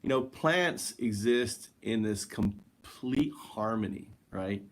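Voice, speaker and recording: A man hosting a casual spiritual monologue, rambling and searching for words with many fillers, drifting quieter and slower at times. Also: fairly low pitch. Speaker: host.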